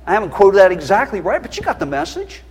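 A middle-aged male preacher with a high, husky voice that swings widely as he pleads and warns. He preaches with raw feeling and pushes into shrillness when he gets loud. The sermon rings with a long reverb, like a church hall. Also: very animated, quick pace. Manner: passionate, emotional, voice rising to a shrill pitch.

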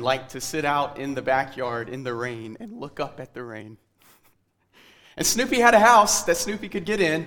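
A man preaching a devotional sermon in a measured, reflective way, letting his phrases trail off softly. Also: mid-range voice, big-room sound.

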